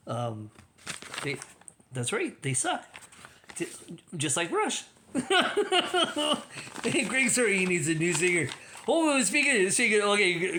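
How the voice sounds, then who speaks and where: A man's voice: high-pitched, bright, forceful tone, slight background noise. A man hosting a livestream, talking in a rambling, casual way with many restarts and laughing at his own jokes. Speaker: livestream host.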